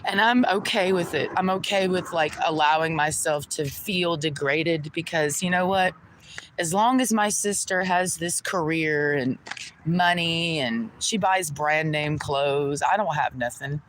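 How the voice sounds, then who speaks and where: A woman's voice: deep voice, a little slow, a little hiss or hum, low-quality recording. A woman vlogger ranting to the camera in an aggrieved, venting way, repeating herself and swearing. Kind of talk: personal rant to camera.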